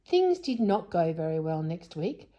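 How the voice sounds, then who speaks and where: A woman's voice: lowish voice, very animated, measured pace, mellow, highs cut off. A woman reading a children's storybook aloud, stopping now and then to explain things to a young listener in a whisper. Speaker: storybook reader.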